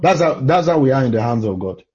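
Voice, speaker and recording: A man's voice: mid-range voice, animated, fast, darkish tone, dull audio. A man from Nigeria with a Nigerian accent, preaching in conversation and telling stories with frequent exclamations.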